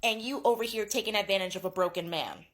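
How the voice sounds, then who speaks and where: A young woman in her twenties casually recapping a book, gossipy and animated, swearing freely. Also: medium pitch, fast talker. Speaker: booktuber.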